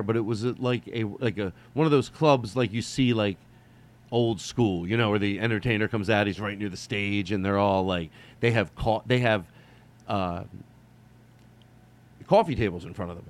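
A man hosts a solo show and talks off the cuff. He wanders from story to story with lively asides and casual swearing. His tone stays loose and conversational. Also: medium pitch. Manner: rambling, animated storytelling with profanity. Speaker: podcast host.

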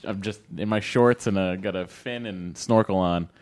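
Man, low voice, casual storyteller, swears, lots of fillers. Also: moderate pace, darkish tone. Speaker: podcast co-host.

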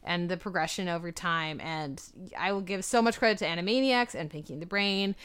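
A woman's voice: fairly low pitch, a little fast, fairly bright tone, clear, resonant tone. A woman co-hosting a casual podcast chat, chatty and full of filler words. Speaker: podcast co-host.

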